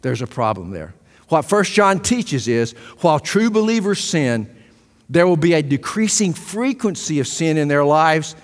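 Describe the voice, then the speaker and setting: A man preaching a sermon as pastor, impassioned, swinging between loud emphasis and hushed asides. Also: on the high side, very animated, normal speed. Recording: long hall reverb.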